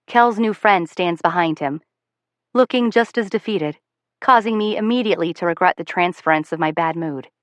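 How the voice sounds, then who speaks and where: A woman's voice: fairly low pitch, normal speed, dry recording. A woman reading a novel aloud in the first person, wry, self-aware and conversational. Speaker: audiobook narrator.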